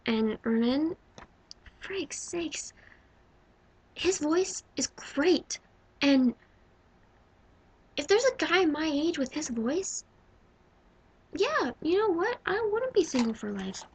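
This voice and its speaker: A woman in her twenties vlogging casually about her favorite movies. She gushes, swinging from loud exclaiming to hushed whispers. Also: high voice, very animated, takes it slowly, pauses often, rough recording. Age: 20s. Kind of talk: casual movie-ranking vlog.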